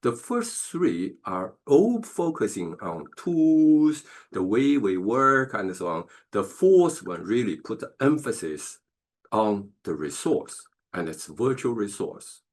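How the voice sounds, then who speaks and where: Man, professor, masterclass lecture, lowish voice, halting, lots of fillers, keeps asking "okay?". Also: big pitch swings. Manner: halting, many fillers and restarts, checks in with "okay?". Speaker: professor leading a business masterclass.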